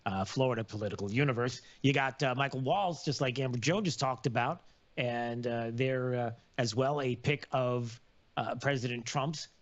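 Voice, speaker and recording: A man hosting a live radio talk show, rambling with many fillers and sudden loud outbursts. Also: mid-range voice, moderate pace, dull audio.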